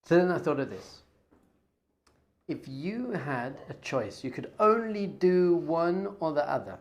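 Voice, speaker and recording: Excitable rabbi with a gravelly voice. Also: male voice, a little high, measured pace, muffled recording. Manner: excitable, swings from loud enthusiasm to hushed awe. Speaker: rabbi and teacher. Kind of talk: excited storytelling talk.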